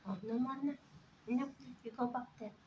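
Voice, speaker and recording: A woman vlogging at home, coaxing her pet bird in a soft, baby-talk way. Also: fairly high pitch, fairly even intonation, fairly quick, muffled recording. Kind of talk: casual vlog talking to a pet bird. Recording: noisy home recording.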